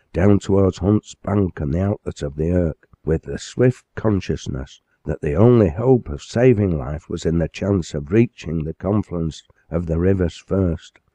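A man narrating a classic novel as an audiobook, with measured, dramatic storytelling. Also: deep voice, dark tone, no room sound.

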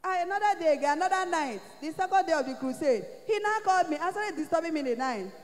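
Nigerian lady testifying in church, high pitched, acts out every quote, big hall echo. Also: fast talker. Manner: animated storytelling, acting out quoted speech.

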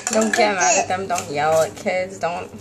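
A woman's voice: lowish voice, moderate pace, a loud crowd. A woman babysitter talking to the camera in a casual home video, coaxing and soothing a child.

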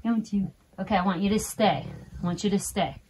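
A woman host talking casually to viewers while trimming her dogs' nails, coaxing them with soft praise. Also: medium pitch, a little fast, slight background noise, poor audio. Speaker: alpaca farmer and channel host. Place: indoors with the dogs on a farm.

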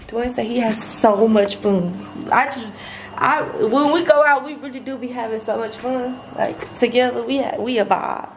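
Exasperated young woman ranting, slow drawl. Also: a little high. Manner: frank, exasperated, heavy swearing. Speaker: vlogger. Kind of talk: casual vlog rant to camera. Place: indoors at home. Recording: echoey room with clear background noise.

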